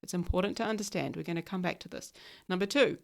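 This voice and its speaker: A woman's voice: fairly low pitch, fast, creaky. A woman in her thirties hosting a casual solo podcast, chatty and often checking in with her listeners. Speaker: podcast host.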